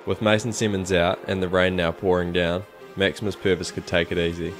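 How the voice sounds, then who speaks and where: A man giving calm, measured scripted narration for a race documentary. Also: sits low. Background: music.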